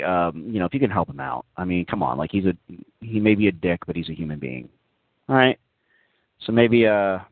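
A low-pitched man hosts a casual online radio talk show, rambling mock-seriously with lots of fillers. The audio is tinny and phone-like, with no room sound.

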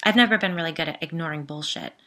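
A woman's voice: sits low, fast talker, pushed and bright. A woman voicing a bold, cheerful woman in her early thirties who talks bluntly and with authority. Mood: peppy.

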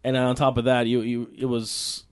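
A man co-hosting a casual chat, eager and agreeable, quick to check facts. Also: mid-range voice, monotone, clear, resonant tone. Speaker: podcast co-host.

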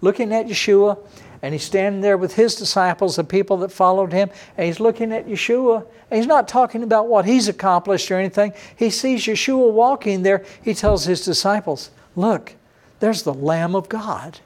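A middle-aged male pastor delivers a sermon in a slightly high voice. He preaches emphatically, with loud, lifted bursts that fall back to low, quiet stretches. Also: normal speed. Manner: emphatic preaching with sudden rises and drops in pitch and loudness.

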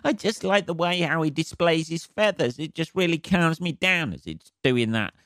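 A fond, cooing passenger pitches his voice up high and gushes over his animal. The voice is smooth and clear. A man performs the part. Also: expressive, normal speed, a bit bright, no room sound, studio quality. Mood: doting. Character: doting air passenger with pet, grown man.

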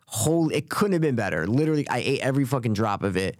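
A young man on a podcast, spinning a long casual story in a plain mid-pitched voice. He rambles, swears freely and slips into little acted quotes. The sound is close and dry. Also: big pitch swings, quick pace, no room sound. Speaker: podcast co-host.

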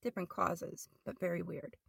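A middle-aged woman telling her personal testimony as a podcast guest, halting and often restarting or repeating words. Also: lowish voice, gravelly, fairly bright tone, slightly rough, dry recording, studio quality.

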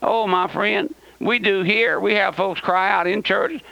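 A man preaches a fiery radio sermon in a high, bright, tense voice that is clear and smooth. He is impassioned, repeats his phrases, and keeps calling the listener "my friend". The recording is dry and dull like an old radio broadcast. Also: a little slow, few pauses, dry recording.

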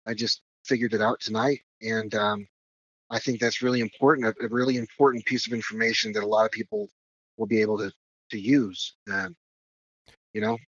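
A man's voice: fairly low pitch, steady tone, brisk, breathy edge, no room sound, dull audio. A man recounting a strange experience as a podcast guest, rambling with many fillers and restarts. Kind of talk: casual storytelling.

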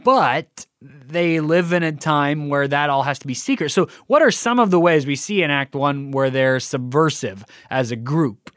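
A man's voice: on the high side, moderate pace, a bit bright, dry recording, studio quality. A man in a casual discussion of a play, explaining scenes and asking guiding questions.

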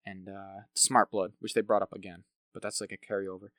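A man's voice: low-pitched, flat delivery, fairly quick, fairly bright tone, no room sound, clean studio sound. Rambling man on a podcast. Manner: rambling, full of "like" and tag questions. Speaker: podcast co-host. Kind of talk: casual film review chat.

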